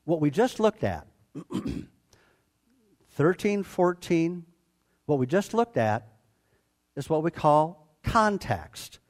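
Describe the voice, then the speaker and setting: A man in his sixties preaching a sermon to a congregation, animated and joking with them as he teaches. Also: on the high side, takes it slowly, pauses often. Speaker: pastor. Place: church before a live congregation.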